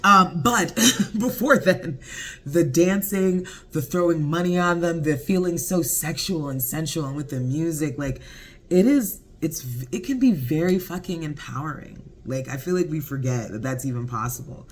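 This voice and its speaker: Man, somewhat high-pitched, casual TV recap, animated, profane, quick to laugh. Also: slight background noise. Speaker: TV show reviewer.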